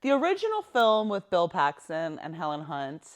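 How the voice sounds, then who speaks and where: A woman's voice: on the low side, wildly swooping pitch, normal speed. A woman co-hosting a podcast in casual chat, chiming in easily and laughing along. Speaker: podcast co-host.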